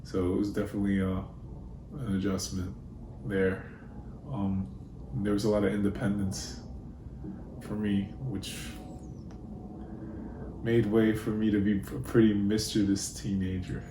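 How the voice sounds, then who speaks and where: A young man telling personal stories in a relaxed, laid-back way, with frequent fillers. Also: fairly low pitch, a little slow, pauses often, noisy background. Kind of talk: casual personal storytelling. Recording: roomy with faint ambience.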